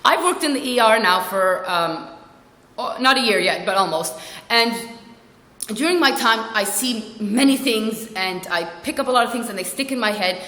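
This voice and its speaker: A woman's voice: expressive, normal speed, pushed and bright. Rambling young woman telling a story. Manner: rambling, self-mocking, acts out quotes in squeaky voices. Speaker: vlogger. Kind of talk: casual storytelling vlog. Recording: echoey room with long reverb.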